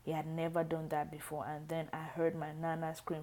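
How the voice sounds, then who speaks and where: A woman reading a book aloud, halting and often restarting lines. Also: sits low, completely flat delivery, warm tone. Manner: halting, frequent restarts and stumbles. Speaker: reader.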